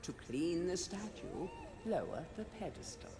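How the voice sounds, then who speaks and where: A man voicing a game narrator who reads old letters and books aloud in a measured, formal way. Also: high-pitched, sing-song, full character voice. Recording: game audio with long hall reverb.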